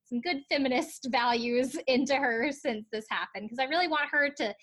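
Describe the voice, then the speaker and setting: A woman's voice: sits high, normal speed, fairly bright tone. A woman chatting casually on a podcast, recapping a TV episode with lots of laughs and fillers. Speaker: podcast co-host. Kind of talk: casual chat recapping a TV show.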